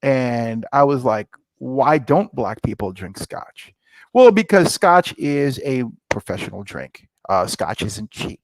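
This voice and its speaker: A middle-aged man telling stories in a casual interview, animated and acting out dialogue, often jumping up in pitch. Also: slow pace, dry recording, low-quality recording. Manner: animated, jumps to high excited pitch when retelling; many fillers and restarts, acts out quoted dialogue. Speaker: guest, scotch brand founder.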